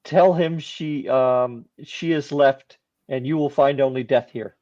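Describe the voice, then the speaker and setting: A man voicing a mysterious disembodied voice that gives a slow, ominous warning in a tabletop game, on a dull lo-fi recording. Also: mid-range voice, fairly even intonation, mellow, natural voice.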